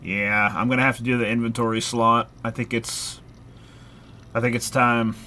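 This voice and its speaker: A man's voice: mid-range voice, level tone, normal speed, bright, forceful tone, slight background noise. A man casually chatting while he streams a horror game live, rambling with lots of filler words and casual swearing. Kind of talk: casual live gameplay chat.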